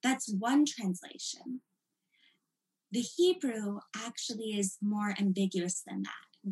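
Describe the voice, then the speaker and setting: A woman leads a text study lesson, explaining each passage with emphasis. Her delivery is animated and explanatory, with a mid-range pitch. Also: slow pace, low-quality recording. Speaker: teacher.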